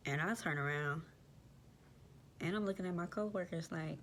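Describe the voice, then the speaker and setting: A woman's voice: fairly low pitch, normal speed, pauses often, slight background noise. A young woman, animatedly telling a personal story in slangy casual speech and addressing her listeners directly.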